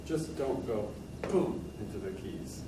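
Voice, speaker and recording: A man's voice: on the low side, animated, slow pace. Man coaching piano in a roomy hall. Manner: encouraging, demonstrates at the piano while talking. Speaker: composer coaching a pianist. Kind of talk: master class coaching. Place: room with a piano. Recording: roomy sound from a distant mic with loud piano.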